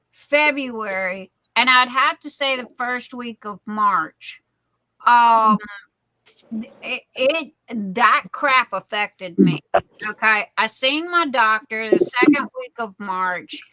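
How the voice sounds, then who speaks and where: Blunt, bright-voiced woman telling a story. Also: on the high side, no room sound, low-quality recording. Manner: blunt and salty, rambling with many fillers and restarts. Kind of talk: casual chat, telling a personal story.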